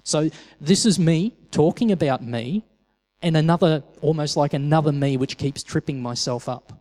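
A man's voice: on the high side, moderate pace, a little mellow, in a large hall, low-quality recording. A man preaching a sermon in a conversational way, often repeating words as he starts a phrase.

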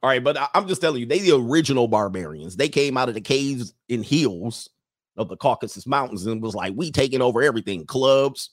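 A man's voice: mid-range voice, lively intonation, a little fast, dry recording, clean studio sound. A man hosting a livestream who goes on a casual, joking rant, laughs often, talks in loose slang and reads out viewer comments. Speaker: livestream host addressed as Coach.

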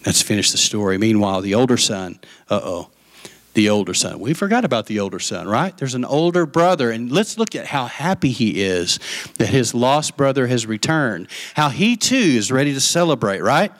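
A man preaching a sermon, retelling a Bible story with lively acted-out voices and asides to the congregation. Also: medium pitch, normal speed. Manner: animated storytelling, acting out voices of the parable. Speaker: pastor.

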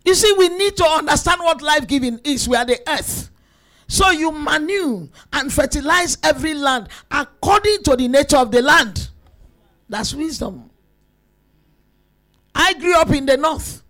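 A woman preaching a sermon to women, emphatic and lively, rising to shouts at her peaks. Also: high-pitched, measured pace.

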